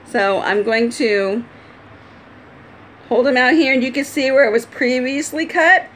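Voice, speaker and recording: Chatty woman explaining, fairly high voice. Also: a little slow, fairly bright tone, a little hiss or hum. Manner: chatty, laughs often, explains step by step. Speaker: pet bird owner. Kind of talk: casual home video, explaining. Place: at home indoors.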